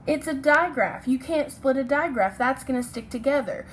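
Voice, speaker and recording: A woman with a high, animated, fairly bright voice teaches children phonics at a moderate pace, explaining step by step. She patiently checks in with "okay?" and "right?" and apologizes for her own slips, on a rough recording with a little hiss or hum.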